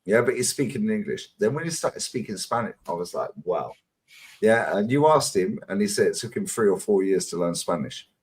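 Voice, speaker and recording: Husky, animated man, swearing freely. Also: on the low side, brisk. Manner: animated, swearing, laughs a lot. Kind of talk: casual chat on a live stream.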